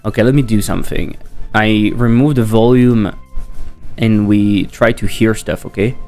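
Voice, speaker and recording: A man's voice: fairly low pitch, fairly even intonation, moderate pace, darkish tone, faint music behind. A man with a French accent, a game developer chatting casually on a livestream, rambling and joking as he reads chat aloud.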